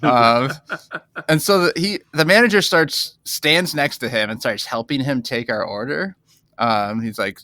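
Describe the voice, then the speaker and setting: A man's voice: moderate pace, no room sound, clean studio sound. A man co-hosting a podcast, casually telling an anecdote and acting out the people in it. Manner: animated storyteller, acts out quoted people in a higher voice. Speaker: podcast co-host. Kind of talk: casual chat, storytelling.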